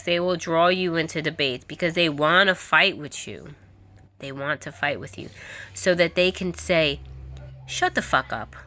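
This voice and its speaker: Woman vlogger venting to camera, lowish voice but bright, says stuff over and over. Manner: emphatic, repeats herself, laughs now and then. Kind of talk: candid monologue to camera.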